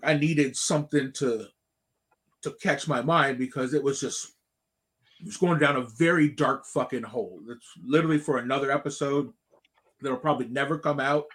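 Animated man telling a rambling story. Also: mid-range voice. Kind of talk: casual chat.

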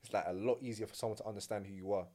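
A man talking as a podcast guest. His voice sits on the low side and moves quickly, with a relaxed, slangy, explanatory way of talking. He lays out his advice step by step in a casual conversation. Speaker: podcast guest, branding consultant.

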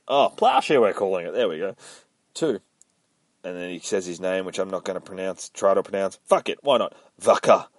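A man's voice: deep voice, normal speed, no echo, studio quality. A man hosting a podcast, casually recapping a comic book with profane jokes. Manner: profane, joking, lively. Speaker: podcast host.

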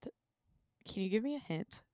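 A woman co-hosting a casual podcast from home, easygoing and quick to laugh. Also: medium pitch, lively intonation, a little mellow, dry recording, studio quality. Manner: giggly, easygoing. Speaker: podcast co-host. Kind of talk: casual chat. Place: home room.

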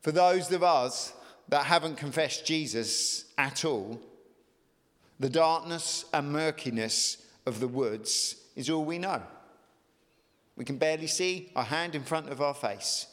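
A male pastor preaches with emphatic force, his fairly high voice leaping up on key words. The recording carries the long reverb of a large church hall. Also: a little slow, a bit bright. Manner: emphatic preaching with sudden rises in pitch. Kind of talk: sermon.

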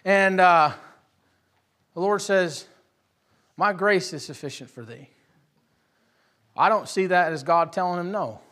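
A high-voiced young male preacher delivers a sermon to his congregation, drifting from soft, conversational storytelling into rising, fervent calls. His pitch sits well above most men's. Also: a little slow, pauses often. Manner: swings from quiet storytelling to loud impassioned preaching. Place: church hall with live congregation.

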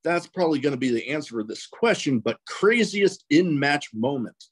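A man hosts a podcast, asking his questions in a relaxed, chatty way. His voice is average in pitch and he slips in easy fillers as he goes. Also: moderate pace, husky, dry recording. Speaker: podcast host. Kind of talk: casual interview questions.

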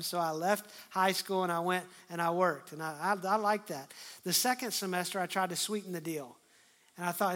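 A middle-aged man preaching a sermon, acting out scripture dialogue and swinging from hushed to loud. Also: sits high. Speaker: pastor.

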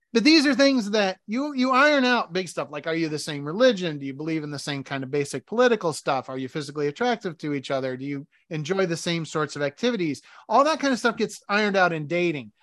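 A married man co-hosting a podcast, chatting casually and telling animated stories where he acts out domestic arguments. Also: high-pitched, fast talker, dry recording, clean studio sound. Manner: animated storytelling, acting out arguments. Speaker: podcast co-host. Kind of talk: casual chat.

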